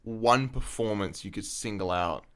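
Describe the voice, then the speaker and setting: Rich: A man with a lowish, smooth and resonant voice co-hosts a casual film podcast. He talks loosely, swears freely and often restarts his sentences. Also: a little slow, a bit bright. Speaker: podcast co-host. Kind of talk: casual film discussion chat.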